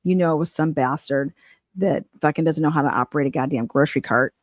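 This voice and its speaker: A woman's voice: low-pitched, quick pace, no room sound, clean studio sound. A woman hosting a livestream, ranting about a trial in blunt, sarcastic, heavily profane casual commentary.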